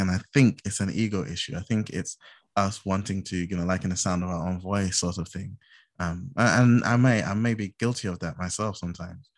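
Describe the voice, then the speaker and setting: A man with a very deep voice speaks in an earnest, casual way during a podcast discussion. The sound is dry and close, and he often corrects himself mid-sentence. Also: dry recording. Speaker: podcast co-host. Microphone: headphones on a call.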